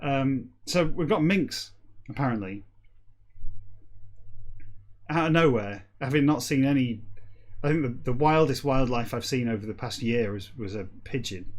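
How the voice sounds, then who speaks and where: Male host, deadpan comic reader, chatty asides. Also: mid-range voice. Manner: slow deadpan reading, quick chatty asides. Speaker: podcast host. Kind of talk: comic reading of a novel backwards, then rambling aside.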